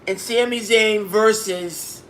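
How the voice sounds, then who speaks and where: A man giving a casual video review of a wrestling show, excitable, repeating himself and bursting into exclamations. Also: sits high, slow, a little hiss or hum.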